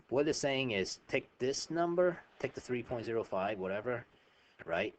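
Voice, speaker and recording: A man teaching a math lesson over a screen recording, chatty and informal, often checking in with "right?". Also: on the low side.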